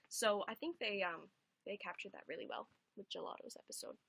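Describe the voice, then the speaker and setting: A woman's voice: medium pitch, fairly quick, vocal fry, fairly bright tone, breathy edge, no room sound. A young adult woman chatting casually on a home livestream, rambling and swearing casually.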